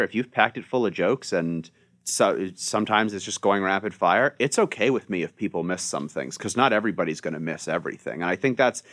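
A man hosting a casual podcast discussion, relaxed and chatty as he leads the talk. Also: on the low side. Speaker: podcast host.

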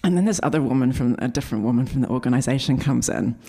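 Animated woman telling a stand-up story. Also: extremely low pitch. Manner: chatty, animated, quotes others in quick asides. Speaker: stand-up comedian. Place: live comedy venue before an audience.

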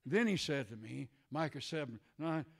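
An older male preacher delivering a sermon, swinging between shouted declarations and hushed, tender passages. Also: fairly high pitch, animated, normal speed, creaky, breathy edge.

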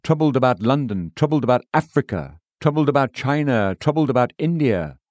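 A man reading aloud an old-fashioned sermon in a measured, emphatic preaching manner. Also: medium pitch, animated, darkish tone, dry recording. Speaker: sermon reader. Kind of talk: read-aloud Victorian sermon.

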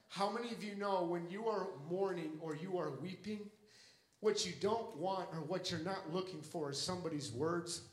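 A man's voice: sits high, a bit bright, roomy sound, poor audio. A young man preaching a sermon with an impassioned, repetitive cadence.

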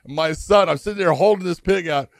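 A man's voice: sits high, fast, vocal fry, no room sound, clean studio sound. A middle-aged man telling farm stories in casual chat, laughing as he goes. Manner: animated, laughing storyteller. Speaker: podcast guest telling stories.

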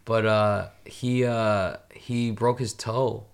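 A man's voice: on the low side, steady tone, slow pace, creaky. A young man in casual chat on a podcast, rambling with many fillers and swearing freely.

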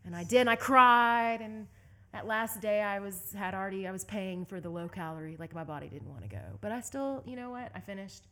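A young woman from Southeast Texas telling a story as an interview guest, animated and laughing often. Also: medium pitch, brisk. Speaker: guest, endurance bike racer.

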